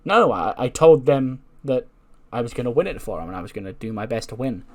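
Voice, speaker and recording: A man's voice: mid-range voice, animated, brisk, darkish tone, lightly acted. A man voicing a timid, eager young female wrestler who answers meekly and stammers. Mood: meek, hesitant. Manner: hesitant, meek, stammering.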